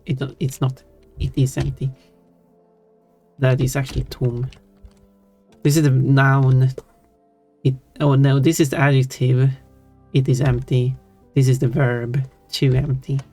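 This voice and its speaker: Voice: mid-range voice, level tone, measured pace, long pauses, mellow. A streamer with a Swedish accent chatting casually on a live stream, thinking aloud and answering chat. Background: faint background music.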